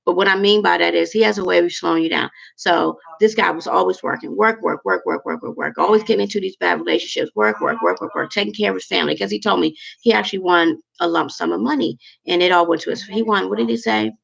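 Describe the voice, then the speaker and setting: A woman's voice: lowish voice, fast talker, gravelly, hardly any pauses, fairly bright tone, highs cut off. A woman in her forties telling a personal story to camera in a chatty, rambling, emotional way with lots of fillers. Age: 40s. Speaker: vlogger.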